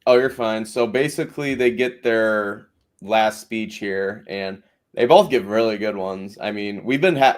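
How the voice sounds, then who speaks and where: Guy hosting a podcast, lowish voice, rambly casual recap talk. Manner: rambling, many fillers and restarts. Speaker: podcast host.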